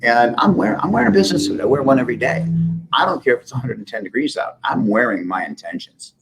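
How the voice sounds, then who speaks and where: A man's voice: medium pitch, lively intonation, fast, vocal fry, breathy edge, rough recording. A man from the Midwest, a business owner being interviewed, telling stories in an emphatic, joking, candid way. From Midwest United States. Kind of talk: casual interview storytelling.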